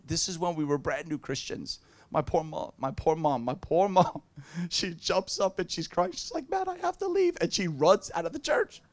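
A man preaching a sermon through funny personal stories, animated and often breaking into laughter. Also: on the high side. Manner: animated, laughing storyteller who mimics people. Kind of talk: storytelling sermon.

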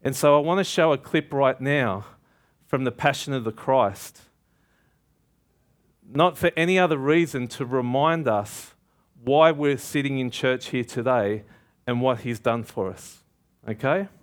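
A man's voice: medium pitch, measured pace. A man preaching a sermon, emphatic and calling out questions to the congregation.

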